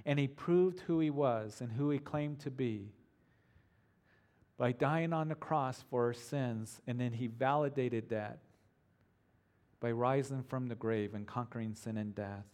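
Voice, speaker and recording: Male pastor, mid-pitched voice, earnest preaching that leans on slow repetition. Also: darkish tone. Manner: earnest, emphatic preaching with slowed repeated phrases. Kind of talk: sermon.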